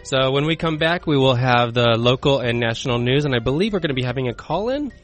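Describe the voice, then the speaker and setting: A man's voice: mid-range voice, animated, quick pace, faint music behind. A man co-hosting a talk radio show, speaking plainly and earnestly. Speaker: radio co-host.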